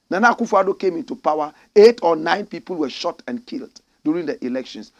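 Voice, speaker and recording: A Ghanaian man delivers fiery, indignant political commentary packed with rhetorical questions, addressing listeners as his brothers and sisters. His voice is high-pitched and husky, with vocal fry.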